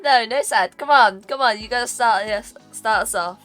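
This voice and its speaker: A woman's voice: fairly high pitch, normal speed, fairly bright tone, faint music behind. A British woman co-hosting a streamed chat podcast, playful and teasing, laughing often. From Britain. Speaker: podcast co-host.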